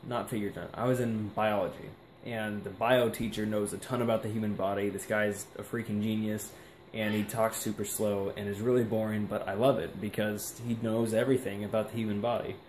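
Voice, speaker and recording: This young adult man talks through a relaxed vlog, musing aloud and leaning heavily on fillers. He speaks at a normal pace in a lowish, even, slightly dark voice. There's echo from the room and a light background hiss.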